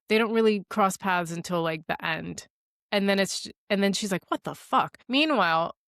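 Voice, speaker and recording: A woman with a lowish voice cheerfully recaps a film plot for her co-host, slipping into quick impressions of the characters. The audio is dry and close, with no room sound. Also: clear, resonant tone, dry recording. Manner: animated storyteller, acting out characters' lines, laughing often. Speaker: podcast co-host. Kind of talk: casual film recap chat.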